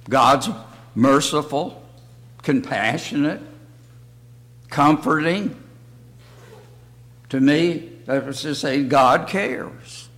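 Slow-talking older man teaching Bible. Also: on the high side, a bit bright. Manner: slow, halting delivery in short phrases. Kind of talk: church Bible lesson. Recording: long reverb of a hall.

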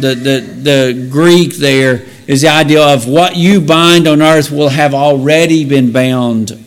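A man's voice: on the high side, steady tone, slow, hardly any pauses. A man teaching a Bible lesson in an explanatory way, asking rhetorical questions and correcting himself as he goes. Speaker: preacher.

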